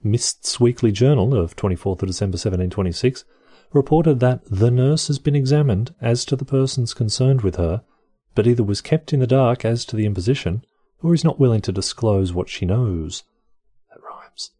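A man's voice: medium pitch, animated, brisk, dark tone, husky, no room sound. A man hosting a show where he reads encyclopedia articles aloud, breaking off into dry, wry and mildly profane comedic asides. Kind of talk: casual reading with offhand comedic asides.

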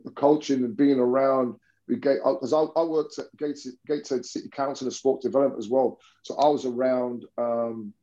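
A man's voice: medium pitch, mellow, highs cut off. A man, a basketball coach telling stories in an interview, rambling with many restarts. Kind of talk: conversational interview storytelling.

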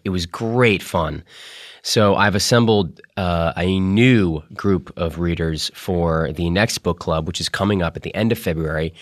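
A man hosting a podcast, chatting in a rambling, casual way full of fillers and restarts, his throat a little rough from a cold. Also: sits low, no echo, clean studio sound. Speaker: podcast host. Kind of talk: casual monologue.

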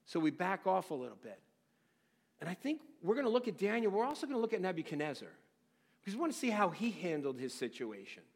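A middle-aged man preaching a sermon, telling stories with animated bursts of excitement and dropping to quiet, somber tones. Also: sits high, fast, gravelly, breathy edge. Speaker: pastor.

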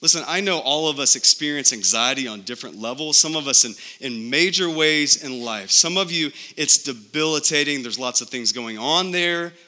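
A man's voice: medium pitch, lively intonation, normal speed, hardly any pauses, bright, forceful tone. A man preaching a sermon as a pastor, emphatic and full of rhetorical questions. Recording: long reverb of a large hall.

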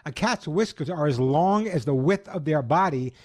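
Middle-aged guy hosting a pet call-in show on the radio, chatty, jokey, kinda high voice. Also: lively intonation, normal speed, a little mellow.

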